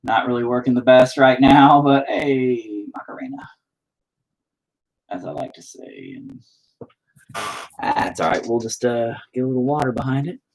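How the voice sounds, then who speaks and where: A man's voice: medium pitch, normal speed, gravelly, long pauses, poor audio. A man chatting casually on a live stream while he paints, rambling, swearing often and joking at his own expense.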